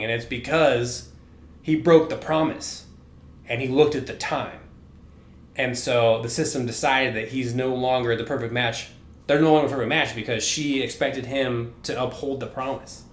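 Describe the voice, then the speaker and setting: A man's voice: mid-range voice, fairly even intonation, moderate pace. A man co-hosting a casual chat podcast, retelling a story in a rambling way, swearing freely and leaning on "like" as he goes. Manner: profane, rambling storytelling full of "like". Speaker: podcast co-host. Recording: roomy echoey room.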